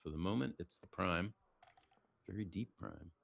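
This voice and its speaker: Low gravelly male game commentator. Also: normal speed. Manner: casual, chatty, reads out viewer comments; lowers his voice to stay quiet near the players. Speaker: play-by-play commentator. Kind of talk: live backgammon commentary.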